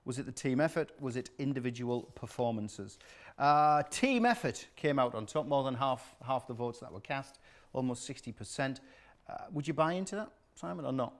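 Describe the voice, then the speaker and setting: A man's voice: medium pitch, animated, moderate pace. Jokey male football show host. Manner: jokey, leading questions. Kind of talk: casual studio chat.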